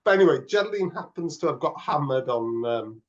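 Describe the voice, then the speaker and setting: A man's voice: fairly high pitch, expressive, a little fast. A man co-hosting a podcast, chatting casually, laughing often and stumbling over his words. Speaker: podcast co-host. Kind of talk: casual chat. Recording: slightly dull lo-fi audio.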